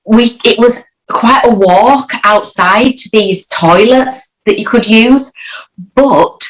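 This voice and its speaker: A woman, chatting as an interview guest and telling a story with lively acted-out quotes. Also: on the high side, takes it slowly, low-quality recording. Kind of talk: casual anecdotal chat.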